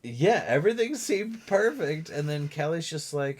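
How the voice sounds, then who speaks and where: A young man chats easily as podcast co-host, his pitch moving a lot through each sentence. He slips into little mimicking voices when he retells what people said. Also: moderate pace. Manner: animated, acts out quotes in mimicking voices. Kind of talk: casual chat.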